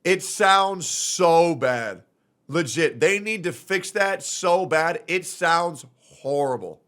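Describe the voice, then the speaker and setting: A man's voice: a little high, expressive, slow pace, a bit bright. Brash, profane young male streamer. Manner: blunt, profane, ranting. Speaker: streamer reacting to a video. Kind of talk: casual reaction commentary.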